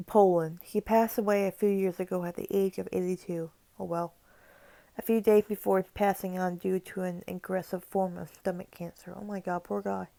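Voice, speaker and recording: Gravelly, flat-voiced woman reading horror. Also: mid-range voice, no echo. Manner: reads with stumbles and casual asides. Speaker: creepypasta narrator. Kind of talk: reading a horror story aloud.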